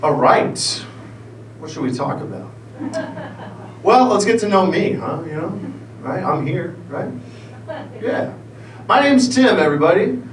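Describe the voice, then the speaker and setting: A man in his thirties does a loose, rambling stand-up set on a theater stage, bantering with the crowd in a high-pitched voice with lively intonation. He keeps a measured pace and pauses often. The live recording sounds roomy and distant, with audience ambience and slight background noise.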